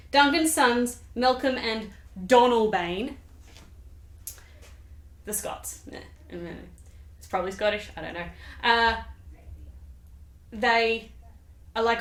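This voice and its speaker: Chatty sarcastic woman with a fairly high voice. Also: a little slow, long pauses. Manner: chatty, sarcastic, rambling asides. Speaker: video host. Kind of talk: comedic literature summary. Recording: roomy echo.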